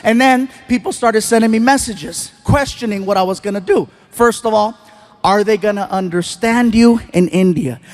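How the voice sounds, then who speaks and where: A male stand-up comedian telling stories on stage in an animated way, putting on voices for the people in them. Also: high voice, normal speed. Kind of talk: stand-up storytelling.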